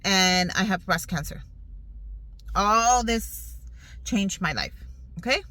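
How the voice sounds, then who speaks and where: A woman's voice: medium pitch, animated, takes it slowly, bright, forceful tone, low-quality recording. A woman in her thirties telling her health story in a casual vlog, earnest and upbeat, talking straight to viewers from a car. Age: 30s. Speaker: vlogger. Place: in a parked car outdoors in sun.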